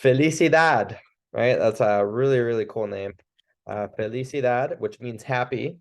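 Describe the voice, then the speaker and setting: A man with a mid-range voice leads a relaxed training session. He talks in a loose, chatty way, restarting his sentences and laughing easily. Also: medium pitch, normal speed. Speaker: chiropractic trainer. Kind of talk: casual training talk.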